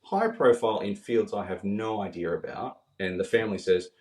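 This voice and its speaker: An earnest man shares heartfelt stories on a podcast, his voice sitting fairly low. He sounds set back from the microphone in a room with a lot of echo. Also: moderate pace, a little mellow, recorded from a distance. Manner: earnest, heartfelt, quoting others as he tells stories. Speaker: podcast guest. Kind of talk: emotional storytelling in conversation.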